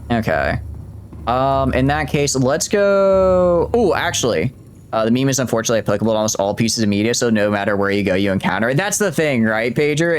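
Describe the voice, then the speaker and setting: A man's voice: medium pitch, a little hiss or hum. A man chatting casually while streaming a game, rambling and cutting himself off mid-thought. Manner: chatty, rambling, self-interrupting. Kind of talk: casual gameplay commentary.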